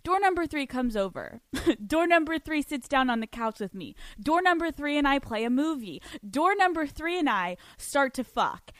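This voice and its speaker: High-voiced woman podcast host. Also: normal speed, no echo. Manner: animated, profane, laughs often mid-sentence. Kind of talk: casual storytelling monologue.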